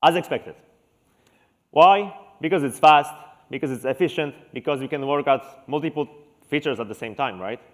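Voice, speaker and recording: A man's voice: fairly high pitch, normal speed. A man from Poland opening a conference tech talk and speaking directly to the audience. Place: large conference hall.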